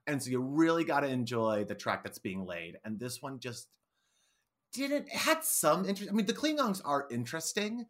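A woman co-hosting a casual podcast, talking expressively and swinging between loud and soft. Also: rumbling low, big pitch swings, normal speed. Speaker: podcast co-host.

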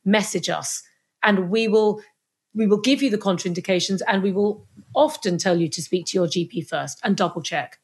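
A woman speaking as a podcast guest on Chinese medicine, animated and acting out little scenes in other voices. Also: medium pitch, normal speed. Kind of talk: podcast interview.

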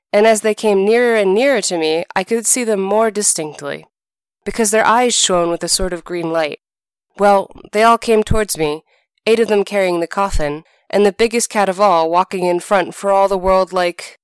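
A woman tells an old folk tale and then walks through the folklore behind it. Her voice is smooth and clear, recorded close and dry, and she lends the characters' lines lively, animated delivery. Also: mid-range voice, moderate pace, no echo. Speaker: narrator. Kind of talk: storytelling narration.

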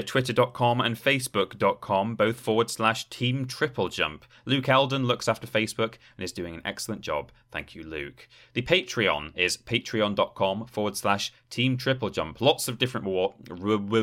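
A man co-hosting a podcast, briskly listing web addresses and thanking helpers in an easygoing way. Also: fairly low pitch, lively intonation, sharp tone. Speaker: podcast co-host. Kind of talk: casual podcast outro.

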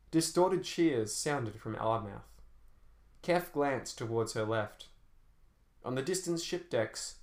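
A man reading a novel aloud in a measured, dramatic storytelling manner. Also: mid-range voice. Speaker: narrator. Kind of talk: scripted audiobook narration. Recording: roomy echo.

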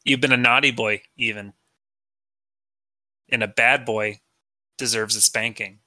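Brief: man voicing a menacing dom daddy, low hushed tone, sharp and dry. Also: fairly even intonation, no echo. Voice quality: low, hushed, deliberate delivery. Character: stern, menacing man playing a dominant daddy.

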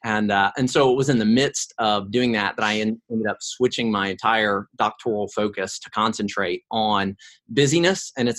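A middle-aged man, a guest in an interview, telling a personal story in a lively way and often repeating his first words. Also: fairly low pitch.

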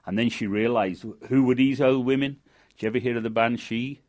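A man's voice: medium pitch, steady tone, brisk, darkish tone. A man with a Manchester accent telling a folk tale and guiding visitors through a blacksmith forge, in chatty narration. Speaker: storyteller and forge guide. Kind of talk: oral folk storytelling.

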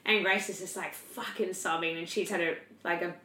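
A woman's voice: on the low side, steady tone, normal speed, sharp tone. A young woman, casually telling a story as a podcast co-host, full of fillers and swearing. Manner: chatty, filler-heavy, swears freely. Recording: roomy echo.

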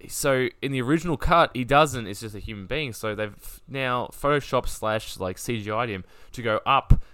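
A man co-hosting a podcast in casual chat, animated and joking, swearing freely. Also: mid-range voice, moderate pace, clear, resonant tone, no room sound. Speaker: podcast co-host.

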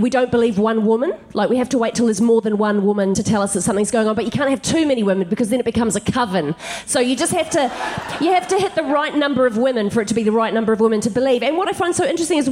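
A woman comedian and co-host telling animated stand-up stories on a live theatre stage, laughing her way through each anecdote. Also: a little high, slight background noise.

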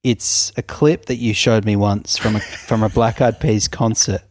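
A man co-hosting a podcast, with a slow, dry, sarcastic delivery and frequent laughter. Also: lowish voice, steady tone, darkish tone, a little hiss or hum. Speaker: podcast co-host. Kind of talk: casual comedic chat.

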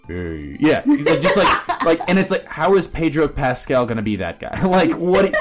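A man co-hosting a casual gaming podcast, rambling on in an animated way and laughing often as he talks. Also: a little high, moderate pace, soft background music. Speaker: podcast co-host. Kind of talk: casual chat.

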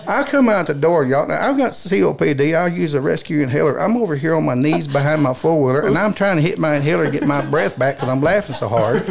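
Gravelly man telling a yarn. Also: high-pitched. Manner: folksy, laughing while telling a prank story. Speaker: staff member telling a story. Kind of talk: casual storytelling chat.

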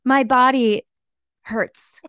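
A woman's voice: sits high, fairly even intonation, drawn-out words, fairly bright tone, smooth, no room sound, studio quality. A young woman co-hosting a podcast, ranting emphatically in casual chat and laughing along. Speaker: podcast co-host.

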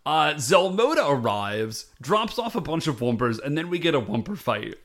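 A man's voice: on the high side, moderate pace. A man co-hosting a casual chat recap of a TV episode, acting out the characters' lines as he tells it. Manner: animated, acts out characters' lines. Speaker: podcast co-host.

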